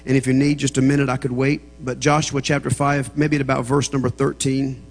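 A man's voice: medium pitch, level tone, fairly quick. A man with a Southern American accent, preaching as a guest speaker in a church, joking with the congregation before building into fervent preaching. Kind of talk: humorous sermon opening. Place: church sanctuary. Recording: long church reverb.

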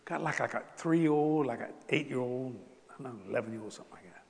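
A man preaching a storytelling sermon, chatty and laughing along, swinging between loud exclamations and hushed near-whispers. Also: medium pitch, fast, creaky, in a large hall. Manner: conversational, laughs with the crowd.

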